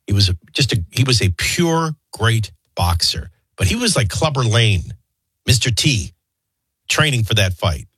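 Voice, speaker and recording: A man hosting a talk show, rambling through childhood anecdotes and a quick sports rundown. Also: on the low side, very animated, fairly bright tone, husky, no room sound. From New Orleans area. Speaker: talk radio host. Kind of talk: casual storytelling and sports rundown.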